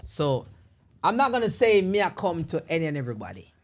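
A man's voice: a little high, very animated, a little fast. A man from Jamaica with a Jamaican accent, talking playfully in a casual chat among friends and laughing often.

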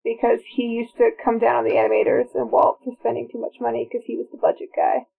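A woman's voice: a little high, level tone, fast, vocal fry. A woman co-hosting a podcast, chatting casually and eagerly sharing trivia while watching a movie. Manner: chatty, enthusiastic about trivia. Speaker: podcast co-host. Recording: phone-like narrow sound.

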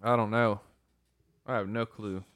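A man's voice: on the low side, flat delivery, a little slow, fairly bright tone, clear, resonant tone, no room sound. A young man co-hosting a casual podcast, retelling scenes animatedly and slipping into voices. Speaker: podcast co-host. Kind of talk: casual chat.

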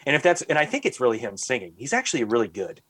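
A man's voice: mid-range voice, quick pace, slightly rough, dry recording. Ranting man on a podcast. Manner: animated ranting, heavy use of "like"; exasperated, mocking. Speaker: podcast host. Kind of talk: casual podcast chat.

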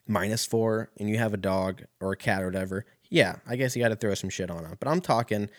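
A man's voice: fairly low pitch, fast talker. A man delivering a heated, rambling comedic rant full of swearing as a solo podcast host.

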